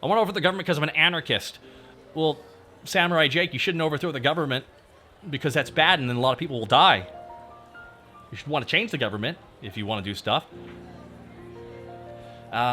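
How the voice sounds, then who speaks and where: Male VTuber host, bright and animated delivery, fired-up profane rant to his chat. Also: on the high side, brisk, long pauses, soft background music. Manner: ranting, profane, talks straight to chat. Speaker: VTuber streamer. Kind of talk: casual livestream chat.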